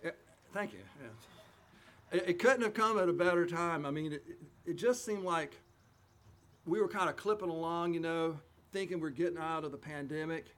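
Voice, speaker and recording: A man's voice: fairly high pitch, normal speed, fairly bright tone. A man preaching a conversational Easter sermon as a pastor, retelling scripture in a folksy, chatty way.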